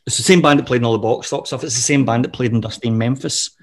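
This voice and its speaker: A middle-aged man, a podcast guest telling swearing-laden anecdotes in a casual, animated way. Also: medium pitch, rapid-fire. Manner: profane, animated anecdotal storyteller. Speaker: interview guest. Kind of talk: casual storytelling interview.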